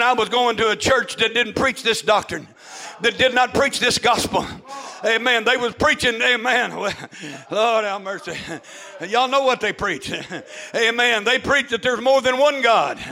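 An older male preacher with a very high, gravelly voice, testifying in a sermon. His tone is bright and sharp. He scatters amens through his words and climbs into shouts. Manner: fervent, peppered with amens, rising to shouts.

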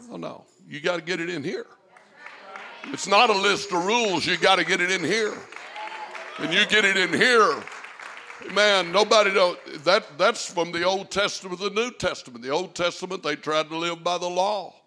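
Pastor, male, slightly high and bright, preaching with big swells and hushes. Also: slight background noise. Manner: fervent, swells to shouts and drops to a hush. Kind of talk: sermon.

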